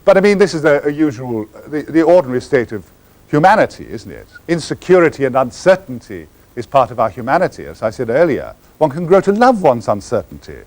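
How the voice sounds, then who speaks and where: Wry, theatrical older Englishman with a lively voice. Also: mid-range voice, a little fast. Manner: theatrical, wry, meandering storyteller. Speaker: guest answering audience questions. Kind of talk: anecdotal audience Q&A.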